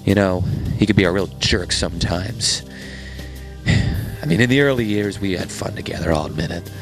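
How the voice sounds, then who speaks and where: A man with a low voice plays a bitter, resentful ex-friend, speaking haltingly with many fillers while music clearly plays in the background.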